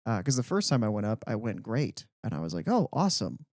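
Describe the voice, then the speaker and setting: A young man co-hosting a podcast, telling stories in a casual, animated way with lots of "like". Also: on the low side, quick pace, dry recording, studio quality. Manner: animated storyteller, heavy use of "like". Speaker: podcast co-host. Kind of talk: casual chat.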